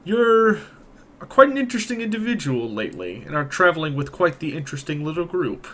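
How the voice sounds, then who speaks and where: A man voicing a scheming male city official who speaks in a measured, insinuating way. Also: on the high side, very animated, fairly bright tone, voice pushed up. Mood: sly.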